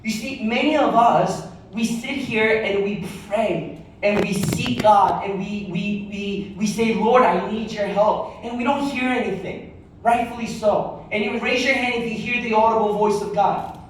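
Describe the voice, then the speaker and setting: A man's voice: high voice, a little slow, a little hiss or hum. A man preaching a sermon as pastor, conversational with joking asides and repeated key lines. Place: large echoey church hall with congregation. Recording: very echoey hall heard from far off.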